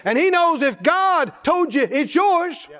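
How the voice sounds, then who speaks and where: A man preaching a sermon, asking the congregation question after question in a folksy, animated way. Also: extremely high pitch, measured pace. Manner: folksy, laughs between points. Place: church. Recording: echoey hall reverb.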